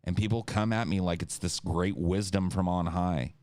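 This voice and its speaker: A man on a podcast, ranting about politics, swearing often and mocking others with quick impressions. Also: low-pitched, no room sound. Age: adult (an incumbent lost twice in his lifetime). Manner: profane, animated, mocks others with impressions. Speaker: podcast co-host. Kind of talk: heated political podcast rant.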